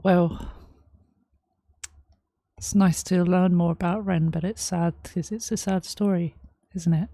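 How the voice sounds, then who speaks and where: A woman reacting to a song, reading lyrics aloud and explaining them in a thoughtful, halting way, with many ums. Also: fairly low pitch, steady tone, warm tone, no room sound, clean studio sound. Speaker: music reaction host. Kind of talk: casual reaction commentary.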